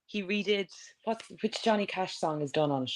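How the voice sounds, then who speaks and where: A woman's voice: medium pitch, lively intonation, fairly quick. Chatty, playful woman guest. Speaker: co-host guest. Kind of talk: casual chat.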